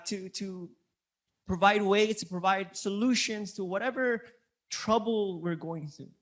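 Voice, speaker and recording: A man's voice: high-pitched, a bit bright. A male pastor preaching a sermon in an earnest, conversational way, often repeating key words for emphasis. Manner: conversational preaching with many restarts.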